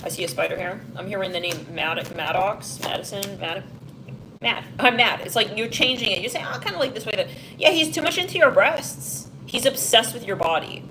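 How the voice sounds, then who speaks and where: A woman's voice: mid-range voice, expressive, normal speed, sharp tone, slight background noise, rough recording. A woman giving a casual psychic reading to camera, rambling and frank, full of fillers and asides. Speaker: tarot reader. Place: London, England.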